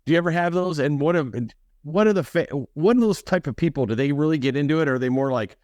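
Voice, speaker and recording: A man co-hosting a casual sports podcast over a remote call, telling animated stories and acting out what other people said. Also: fairly high pitch, fast, no echo, studio quality. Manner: animated, acts out quoted voices. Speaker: podcast co-host.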